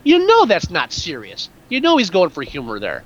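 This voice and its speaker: A man co-hosting a podcast, chatting casually about a film in an animated, rambling way with many restarts. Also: high-pitched, normal speed, dull audio. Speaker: podcast co-host.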